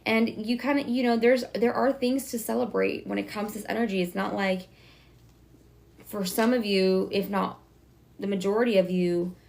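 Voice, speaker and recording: A woman giving a casual tarot reading to her viewers, talking fast and chatty, correcting herself as she goes. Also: medium pitch, steady tone, gravelly, a little mellow. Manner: talks fast, self-correcting, chatty and reassuring. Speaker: tarot reader.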